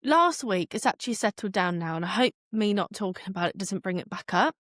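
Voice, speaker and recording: A woman co-hosting a podcast in casual chat, chatty and quick to laugh. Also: mid-range voice, lively intonation, a bit bright, no echo, studio quality. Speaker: podcast co-host.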